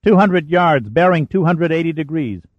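A man voicing an eager young male console operator who calls out contacts in a rapid, keyed-up way. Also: a little high, no room sound, lo-fi sound, pitched above the performer's own voice, natural voice.

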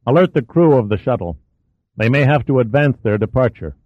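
An authoritative male flight director gives firm, measured instructions, as a man reads him aloud. The sound is thin and phone-like, with no room echo. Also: mid-range voice, lively intonation, natural voice. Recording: dry, thin phone-like audio.

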